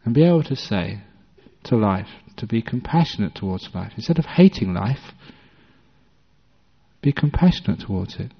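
A man's voice: lowish voice, expressive, normal speed, pauses often, breathy edge. Storytelling male meditation teacher in a hall. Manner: conversational storyteller, gently humorous. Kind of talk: dharma talk with storytelling. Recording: dull recording with long hall reverb.

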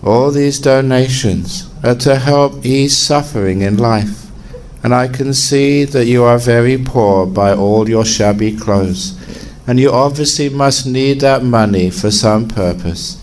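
A man voicing a kind, gentle elderly abbot of a monastery who speaks softly and slowly. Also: medium pitch, a little hiss or hum, natural voice, rough recording. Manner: soft, slow and kindly.

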